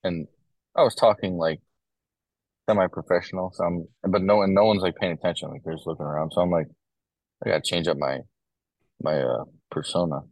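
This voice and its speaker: This Ohio corrections officer, a young guest on a podcast, spins relaxed stories full of fillers in an easygoing chat. He speaks in a low voice at a brisk clip, leaving long pauses. Audio is dry and of low quality.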